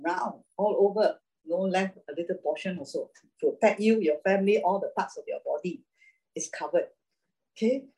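A woman preaching a sermon, reading scripture and then talking about it in an animated way, laughing often. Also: lowish voice, normal speed, husky, low-quality recording.

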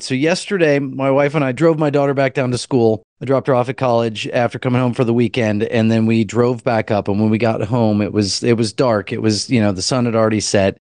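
A man in his forties, a podcast co-host, telling a story in casual chat, animated and laughing often. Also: medium pitch, no echo.

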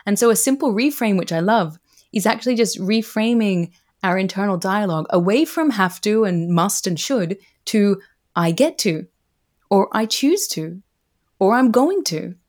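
A woman's voice: medium pitch, lively intonation, normal speed, darkish tone. A woman who is a podcast guest and a researcher, explaining ideas earnestly with frequent "you know"s. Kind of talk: casual conversational interview.

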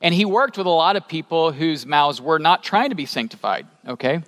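A man preaching a sermon as a pastor, animated and rising to emphatic peaks, asking the congregation questions. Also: a little high, a little fast. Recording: long hall reverb.

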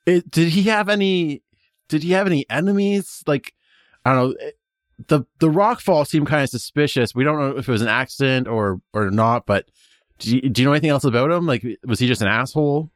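A man's voice: a little high, no room sound. Rambling man at a tabletop game, dry sound. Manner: rambling, halting, many restarts. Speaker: player. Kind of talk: casual tabletop role-play.

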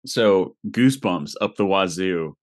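A woman hosts a podcast with an unusually deep, low voice. Her pitch swings in a lively way as she reacts eagerly to her guest. She laughs often. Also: unhurried. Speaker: podcast host. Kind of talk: casual interview chat.

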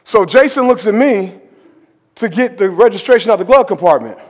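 A male pastor telling a story in a sermon, animated and conversational, sometimes dropping to a hushed emphasis. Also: high voice, normal speed, big-room sound. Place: church sanctuary.

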